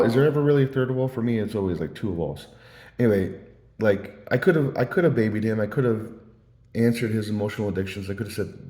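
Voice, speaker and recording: Man, low and mellow, loose rambling storyteller, echoey room. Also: expressive, fast talker. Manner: meandering storytelling with many fillers and restarts. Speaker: vlogger. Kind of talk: casual rambling monologue. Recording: roomy echo.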